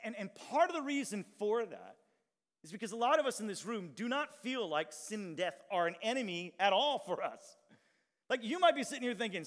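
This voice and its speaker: A man pastor preaching an energetic sermon, drawing out key lines and getting the congregation to respond. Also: high-pitched. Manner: animated preaching, shouts and drawn-out emphatic lines, audience call-and-response. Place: large church hall with long reverb. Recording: reverberant church hall.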